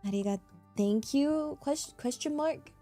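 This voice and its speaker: A woman streamer chatting casually with her viewers, bubbly and giggly, easily excited. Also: high voice, normal speed, soft background music. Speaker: VTuber streamer. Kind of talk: casual live-stream chat.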